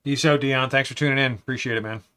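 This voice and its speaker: A relaxed man with a middle-pitched voice chats on a live stream from his desk. He reads out viewer comments, answers them in an easygoing way, and often ends lines with "man". Now and then he drops to a low mutter while he focuses on the model he is building. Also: fast talker, clear, resonant tone.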